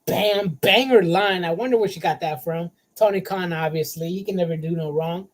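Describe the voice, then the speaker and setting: A man co-hosting a casual wrestling talk show, excitable and slangy, calling his partner bro. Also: a little high, normal speed, low-quality recording. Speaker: podcast co-host.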